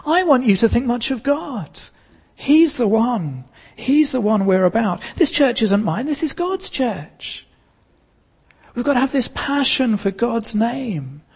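Gravelly-voiced man preaching. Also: very high-pitched, very animated, long reverb tail. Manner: earnest preaching with pauses and emphatic repetition. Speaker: pastor. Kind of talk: sermon.

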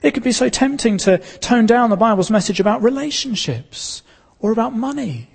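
Gravelly-voiced man preaching. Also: very high-pitched, expressive, big-room sound. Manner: earnest preaching with pauses and emphatic repetition. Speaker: pastor. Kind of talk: sermon.

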